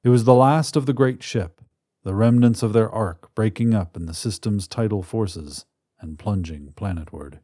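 A man narrating a science fiction story in a measured, dramatic manner. His voice is low and mellow, recorded close and dry with no room around it. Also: no echo. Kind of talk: scripted narration.

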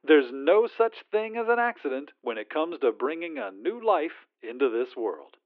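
A man's voice: a little high, sing-song, moderate pace. A man voicing a relentlessly cheerful corporate phone agent through a phone filter, with a sugary customer-service politeness. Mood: sweetly insistent. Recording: tinny phone line.

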